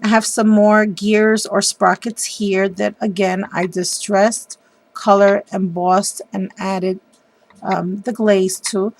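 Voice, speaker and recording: A woman hosting a craft video, chatting warmly and enthusiastically about how she made a card, with frequent ums. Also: mid-range voice, creaky, no room sound. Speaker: papercraft video host. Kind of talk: casual craft show-and-tell.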